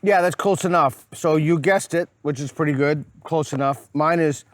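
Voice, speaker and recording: A man's voice: a little high, normal speed, dry recording. A man with a Boston accent hosting a casual street interview, playful and teasing. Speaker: host. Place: outdoors on a college campus.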